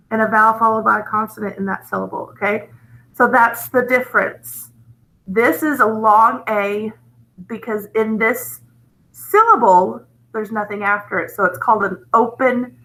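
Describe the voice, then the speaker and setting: A woman teaches a phonics lesson slowly and patiently, explaining step by step and often checking in with the class with "okay?". Her voice is fairly high, creaky and sharp, and the audio quality is poor.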